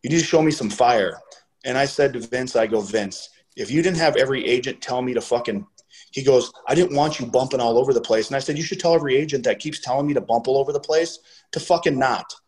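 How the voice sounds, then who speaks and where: A middle-aged man casually telling a story, swearing freely and getting animated when he quotes other people. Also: mid-range voice, low-quality recording.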